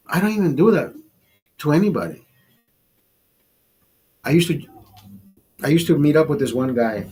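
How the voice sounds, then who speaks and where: A man's voice: medium pitch, a little mellow, breathy edge. A man of fifty ranting in a casual monologue, blunt and profane, often restarting and repeating his words. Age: 50s. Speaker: vlogger.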